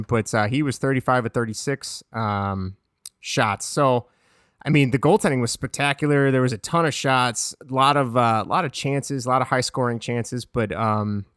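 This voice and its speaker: A young man talks hockey in a loose, rambling way, stopping to restart his thoughts. His voice sits at an ordinary middle pitch. It is recorded close and dry, with no room sound. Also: brisk, fairly bright tone, clean tone, no room sound. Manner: rambling, self-correcting, chatty. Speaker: podcast co-host. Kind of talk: casual hockey chat.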